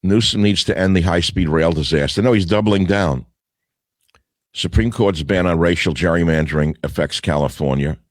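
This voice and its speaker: A man's voice: rumbling low, no echo. An older man hosting a talk radio show, reading headlines aloud and answering each with sarcastic, scornful asides.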